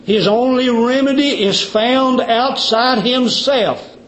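A male preacher giving a sermon in an emphatic, repetitive way, sometimes dropping to quiet intensity. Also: very high-pitched, slow pace, a little hiss or hum. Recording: dull lo-fi recording.

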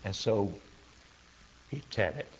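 A man preaching, telling a story in a folksy, halting way with frequent fillers. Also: fairly low pitch. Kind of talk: sermon storytelling. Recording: dull lo-fi sermon recording.

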